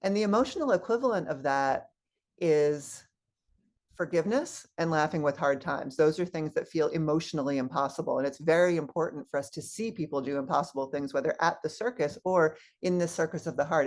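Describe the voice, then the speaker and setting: A woman guest minister giving a sermon, telling personal stories and acting out the voices of people in them. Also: sits low. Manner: animated storyteller acting out quoted voices. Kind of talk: sermon with storytelling.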